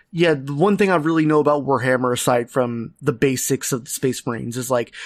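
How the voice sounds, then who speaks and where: A man co-hosting a gaming podcast, chatting eagerly and jumping in with reactions. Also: a little high. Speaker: podcast co-host. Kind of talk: casual chat.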